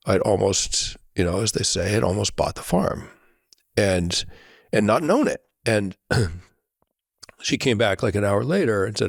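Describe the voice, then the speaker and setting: A man as a podcast guest, telling a reflective story in an earnest way, often checking in with a quick "right?". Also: lowish voice, vocal fry, slightly rough, no room sound, studio quality.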